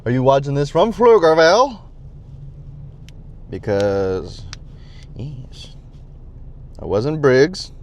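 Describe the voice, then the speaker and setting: A man's voice: medium pitch, lively intonation, slow pace, long pauses, a little mellow. A man hosting a solo podcast while driving, rambling casually with jokes and swearing. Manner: joking, profane, goes off on tangents. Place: inside a moving car. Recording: constant car road noise.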